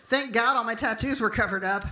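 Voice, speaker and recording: A woman's voice: a little high, a little fast, sharp tone, roomy sound. A middle-aged woman pastor preaching an emphatic, storytelling sermon.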